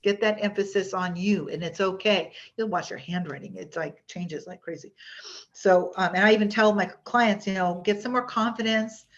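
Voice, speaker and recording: A woman's voice: mid-range voice, normal speed, lo-fi sound. A woman hypnotherapist teaching an online workshop in a chatty, rambling way, often restarting her sentences.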